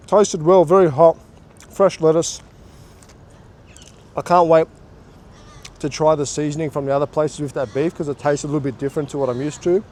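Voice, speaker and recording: A man's voice: a little high, fairly even intonation, normal speed, long pauses, darkish tone. A man with an Australian accent hosting a casual food review vlog, chatty and swearing offhandedly. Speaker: food vlogger.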